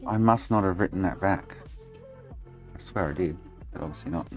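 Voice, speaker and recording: A man with an Australian accent and a low voice at normal speed chats casually while livestreaming console repairs, with faint music behind him. He rants in exasperation and swears heavily as he works.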